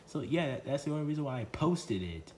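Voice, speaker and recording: A man voicing a sly, grudge-holding adult chef puppet with a low, deadpan delivery in a crude comedy skit. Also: brisk, slight background noise. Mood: smug.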